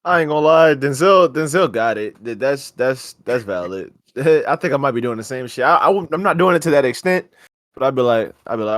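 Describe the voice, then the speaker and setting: Young dude on a podcast, chill and cussing, dry mic sound. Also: male voice, mid-range voice, animated, brisk, a bit bright, dry recording. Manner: laid-back, profane, acts out customers in quotes. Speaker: podcast co-host. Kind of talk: casual chat.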